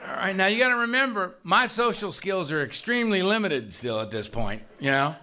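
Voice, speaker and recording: Middle-aged male speaker, wry storyteller at a recovery meeting; bright, lively delivery with a gravelly edge. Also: high voice, fairly quick. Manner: wry, self-mocking storyteller, grumbling asides and chuckles.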